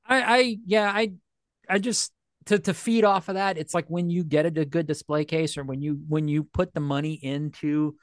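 A man's voice: on the high side, fairly even intonation, moderate pace, no room sound. Jokey chatty man, dry sound. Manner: laughs often, jokey, does silly quoted voices. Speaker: podcast co-host. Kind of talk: casual chat.

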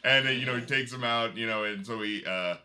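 Fast, bright-voiced man chatting about movies. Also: medium pitch. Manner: rambling, lots of fillers, acts out scenes in silly voices. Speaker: podcast co-host. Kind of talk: casual movie review chat.

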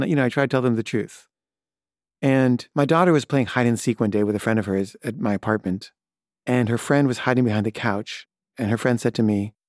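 A man's voice: medium pitch, no echo, studio quality. A man telling a personal story about being a parent, in a chatty way with many fillers and restarts.

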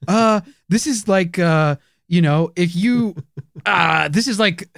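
A man co-hosting a comedy podcast, brash and jokey in rapid-fire silly banter. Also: high voice, creaky, a bit bright, no echo, clean studio sound. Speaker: podcast co-host.

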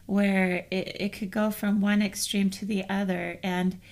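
Gentle gravelly-voiced middle-aged woman. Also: medium pitch, flat delivery, unhurried. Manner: gentle, storytelling, soft trailing phrases. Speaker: co-host. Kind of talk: casual chat on grief.

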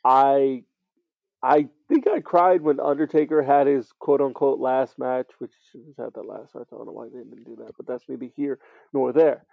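A relaxed man co-hosts a podcast in a mid-pitched voice and often trails off softly. His sound is a little dull and lo-fi, and it is dry, with no room echo. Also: normal speed, vocal fry. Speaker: podcast co-host. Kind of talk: casual chat. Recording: slightly dull, lo-fi.

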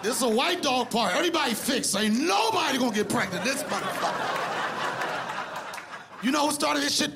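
A man doing crude stand-up comedy, talking loudly and often shouting his punchlines on stage before a live audience. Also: extremely high pitch, gravelly, heavy background noise. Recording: live club recording with audience laughter.

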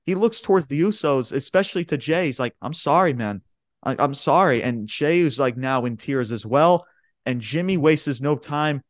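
A man co-hosting a podcast in casual chat, excitably retelling events in a rambling way, swearing often and calling listeners "bro" and "man". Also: on the high side, normal speed, no echo, studio quality. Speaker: podcast co-host.

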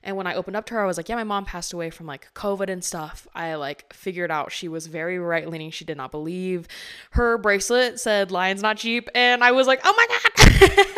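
A young woman hosting a podcast, with a slightly low voice for a woman. She talks in a loose, chatty way, filling her sentences with "like" as she asks questions. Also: fairly even intonation, brisk, fairly bright tone, smooth. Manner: chatty, heavy use of "like", conversational. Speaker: podcast host. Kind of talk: casual interview chat.

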